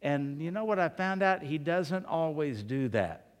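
A male pastor preaching a sermon in a slow, deliberate, conversational way, telling personal stories in a church. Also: on the high side, expressive. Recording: long hall reverb.

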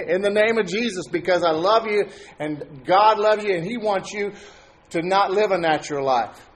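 High-voiced man preaching a sermon. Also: moderate pace. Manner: conversational preaching with questions to the congregation. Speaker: pastor.

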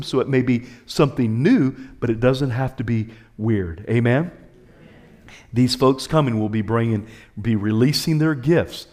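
Pastor, male, mid-pitched, animated sermon delivery with sweeping pitch swings and call-outs. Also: normal speed. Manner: animated preaching, pitch swinging high and low, calls to the congregation.

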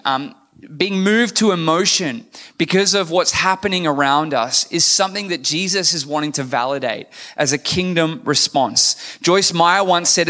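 A man's voice: fairly high pitch, bright, forceful tone, long reverb tail. A man preaching a sermon in a candid, conversational manner, asking his congregation questions. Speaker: pastor.

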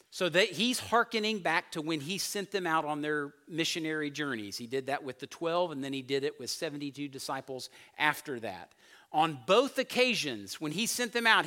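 A male pastor delivers a sermon in a high, bright voice. His pitch leaps and falls as he acts out the disciples' words. At key points he sinks to a near whisper.

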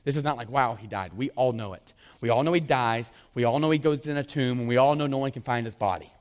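Pastor, male, mid-pitched; passionate sermon, hushed to booming; church hall reverb. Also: quick pace. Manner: swings from hushed to loud, fervent peaks. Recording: long reverb of a large hall.

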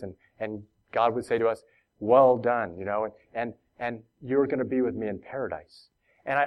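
A man preaching a sermon, reading scripture and then talking to the congregation in a conversational way, often repeating words and asking the room questions. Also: medium pitch.

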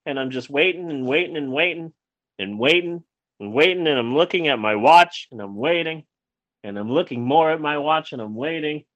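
A podcast host casually tells a long personal anecdote, rambling and restarting while animatedly acting out what people said. His voice is on the high side at a moderate pace, in a dry recording with dull audio.

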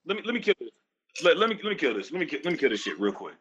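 Lively, emphatic ranting man. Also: fairly high pitch, racing, slightly rough, muffled recording. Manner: emphatic, ranting, profane, repeats phrases for force. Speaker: podcast host. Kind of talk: casual podcast conversation.

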